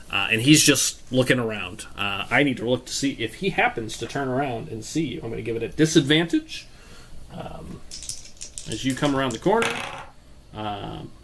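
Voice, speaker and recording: A man narrating as game master of a tabletop game, descriptive and relaxed, with many fillers. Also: mid-range voice.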